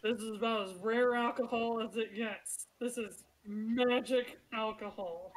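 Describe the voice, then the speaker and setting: Woman game master narrating brightly. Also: a little high, fairly even intonation, measured pace, rough recording. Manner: chatty, laughs through descriptions.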